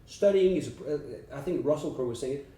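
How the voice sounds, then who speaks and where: A man's voice: medium pitch, expressive, fast, dark tone. A man, an actor guest, giving earnest and emphatic advice in a casual interview chat. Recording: roomy sound from a distant mic.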